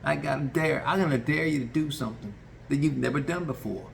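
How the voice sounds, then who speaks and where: A man voicing a bossy male restaurant cook who barks orders and pushes a prank dare, pitched well above his own voice. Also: level tone, a little slow, fairly bright tone, a little hiss or hum. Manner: barking, pushy, commanding.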